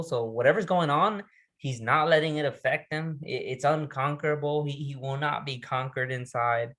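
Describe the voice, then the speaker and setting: A man's voice: a little high, fairly bright tone. A man giving a recorded resilience training lesson, talking casually with restarts and asking the listener questions. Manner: conversational, restarts words, reads poetry slowly and dramatically.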